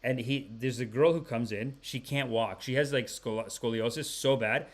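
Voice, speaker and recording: A man hosting a comedy podcast, telling rambling casual stories with animated energy and frequent laughter. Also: mid-range voice, normal speed. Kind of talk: casual comic storytelling.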